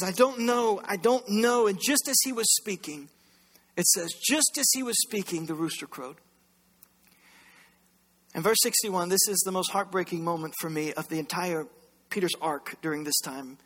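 A man preaching a sermon as pastor, impassioned, swinging between loud bursts and hushed lines. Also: high-pitched. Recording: long reverb of a large hall.

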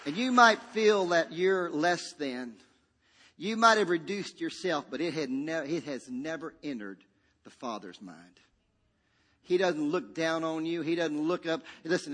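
A man delivers a dynamic sermon, his voice pitched high and ringing bright. He surges to shouts, then drops to hushed tones, and has the congregation repeat his words. The long reverb of a large hall trails after each phrase. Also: animated, a little slow, some chatter behind. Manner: dynamic preacher with sudden shouts and hushed drops, call-and-response. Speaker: pastor.

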